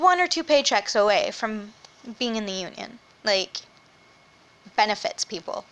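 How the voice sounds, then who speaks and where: A woman's voice: mid-range voice, animated, a little slow, background noise. Ranting young woman with a strained voice. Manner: rambling, swears freely, frequent fillers. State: voice strained from a sore throat, sometimes drops to a whisper. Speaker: vlogger. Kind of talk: casual venting chat. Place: at home with her baby nearby.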